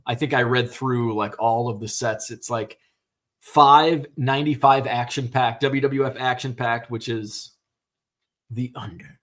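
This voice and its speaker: A man's voice: mid-range voice, fairly even intonation, measured pace, fairly bright tone. A middle-aged American man hosting a live stream, chatting casually and rambling with lots of fillers and restarts, now and then swearing. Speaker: host. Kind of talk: casual livestream chat.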